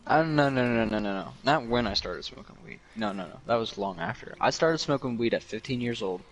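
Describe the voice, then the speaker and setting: A young man chatting as a guest, relaxed and halting, with stammering restarts. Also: mid-range voice, a little hiss or hum. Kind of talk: casual chat.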